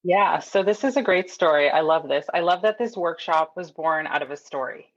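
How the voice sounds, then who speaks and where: A woman's voice: sits low, normal speed, highs cut off. A woman from Canada, a nurse coach, telling a story as a podcast guest and acting out the people in it. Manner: animated storyteller, acts out quotes, laughs often. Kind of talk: casual storytelling interview.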